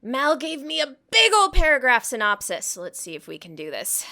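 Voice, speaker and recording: A woman's voice: high voice, sing-song, fairly quick, sharp tone, dry recording, studio quality. A woman co-hosting a podcast in casual chat, giggly and reading a synopsis aloud with wry asides. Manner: giggly, reads aloud and comments wryly as she goes. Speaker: podcast co-host.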